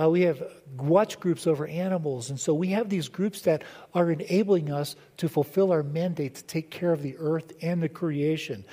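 A man's voice: on the high side, mellow, in a large hall. A male pastor preaching a sermon in a conversational way, asking the congregation questions as he goes.

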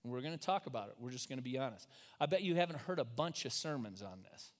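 A man's voice: medium pitch, animated, fast talker. Casual, joking pastor, man. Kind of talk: sermon. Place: church.

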